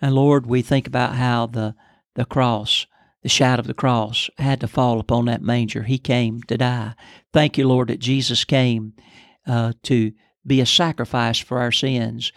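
A man's voice: medium pitch, little pitch movement, measured pace, dry recording, clean studio sound. An older man co-hosting a podcast, telling a story and then praying in an earnest, preacherly way. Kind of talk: storytelling and prayer.

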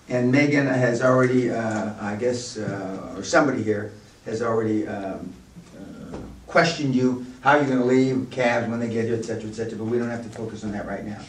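A man's voice: mid-range voice, moderate pace. A man in his sixties giving a live business seminar to a room of listeners, blunt and rambling as he talks. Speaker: seminar speaker. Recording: echoey room, mic from far off.

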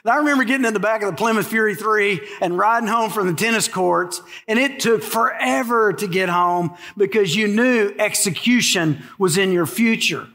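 A middle-aged man delivers a sermon in a fairly high voice. He preaches with emphasis, weaving in personal stories and tossing rhetorical questions at his listeners. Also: normal speed, hardly any pauses, bright, forceful tone. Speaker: pastor.

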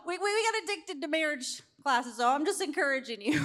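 A middle-aged woman preaching a sermon, telling a candid personal story in an animated way. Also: high-pitched, a little fast, hardly any pauses.

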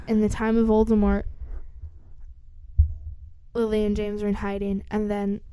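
A woman with a mellow, soft-edged voice of middle pitch retells a story in casual chat. She is chatty and uses lots of fillers. She jumps into little acted-out lines along the way. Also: completely flat delivery, unhurried, clear, resonant tone. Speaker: storyteller retelling a book plot.

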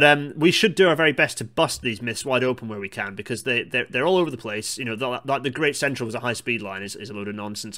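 A man's voice: mid-range voice, sharp tone. Rambling enthusiastic male podcast host. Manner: digressive, myth-busting, enthusiastic asides. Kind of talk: casual solo monologue on railway history.

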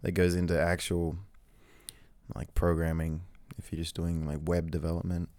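A man chatting in a deadpan, hesitant way, with many pauses and ums. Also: low-pitched, no room sound. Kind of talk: casual deadpan chat.

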